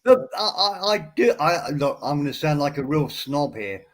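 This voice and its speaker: A man's voice: fairly high pitch, sing-song, moderate pace, no room sound. A man chatting on an online voice call, hesitant and polite, often repeating his words as he starts sentences. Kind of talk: casual online voice chat.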